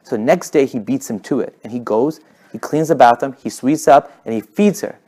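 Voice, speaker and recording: A young man telling a religious story in a casual, animated way, with many fillers and restarts. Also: mid-range voice, moderate pace. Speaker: speaker at a community talk.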